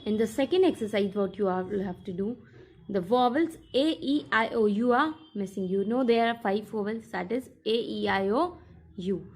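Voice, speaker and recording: A woman teacher explaining workbook exercises in a recorded lesson, slowly and step by step, repeating her instructions. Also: medium pitch, a little mellow.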